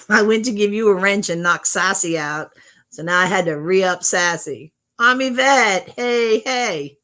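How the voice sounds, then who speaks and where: A woman's voice: fairly low pitch, fairly even intonation, normal speed, fairly bright tone. A middle-aged woman chatting casually on her livestream, greeting viewers from chat and talking with frequent restarts. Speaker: livestream host. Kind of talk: casual live-stream chat.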